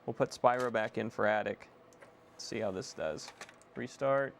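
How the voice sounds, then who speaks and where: A young man casually chatting to viewers on a live stream while repairing a console, excitable and swearing freely. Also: on the low side, a little slow, vocal fry, a little hiss or hum. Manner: excitable, swears, self-deprecating laughs.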